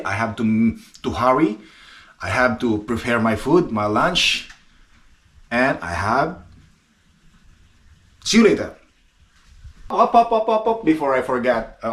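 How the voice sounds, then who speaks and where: A man's voice: medium pitch, fairly bright tone. Playful Filipino man vlogging in snow. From Philippines. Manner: playful, self-mocking, switching between English and Filipino. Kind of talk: casual vlog chat outdoors. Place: outdoors in falling snow.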